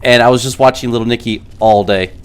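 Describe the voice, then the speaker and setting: A man's voice: mid-range voice, fairly even intonation, quick pace, smooth. A man from California chatting casually over gameplay, rambling and quoting movies. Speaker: gaming streamer.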